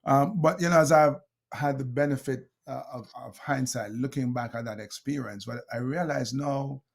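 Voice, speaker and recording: A middle-aged man with a Jamaican accent, a motivational speaker telling lively stories as an interview guest and acting out quoted lines. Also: mid-range voice, moderate pace, creaky. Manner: animated storyteller, laughs often, acts out quotes. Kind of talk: interview storytelling.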